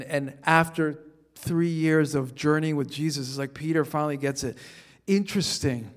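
Man, pastor's sermon, slightly high pitch, conversational, repeats words as he starts sentences, shifts between soft reading and emphatic peaks. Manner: swings between quiet reading and emphatic rises.

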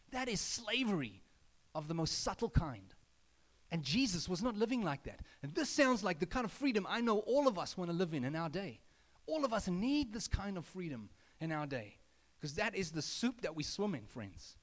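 Male pastor, sermon, conversational asides, slightly high voice. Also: very animated, moderate pace. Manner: conversational preaching with rising emphasis and asides. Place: church building.

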